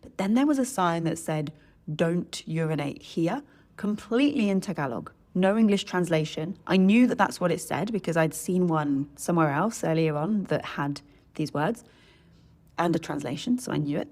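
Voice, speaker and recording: A woman language coach talking through a topic in a relaxed, chatty way, often checking in with "right?" and correcting herself as she goes. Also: fairly low pitch, normal speed. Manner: chatty, self-correcting, tags sentences with "right?". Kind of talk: solo educational podcast talk.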